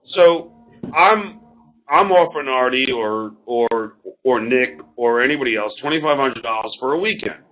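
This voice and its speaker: A man defending himself on a talk show, telling a story with halting, stammered, repeated words. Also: medium pitch, expressive, a bit bright. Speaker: comedian and show host. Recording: dull lo-fi sound.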